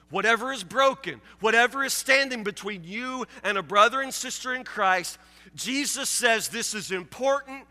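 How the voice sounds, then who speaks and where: A man's voice: very high-pitched, bright, forceful tone, in a large hall. A male pastor preaching a sermon with emphatic repetition, acting out his listeners' objections. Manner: emphatic, repeats key phrases, acts out listeners' objections.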